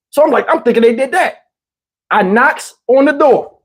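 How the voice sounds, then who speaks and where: Husky middle-aged guy spinning a street story, animated, keeps going "you know what i'm saying". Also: extremely high pitch, fast talker. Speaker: YouTube storyteller. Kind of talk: casual storytelling.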